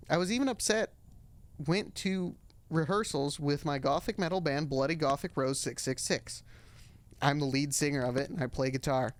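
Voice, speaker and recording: A man streaming, reading a story aloud with wry, deadpan asides for comedy. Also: a little high, normal speed.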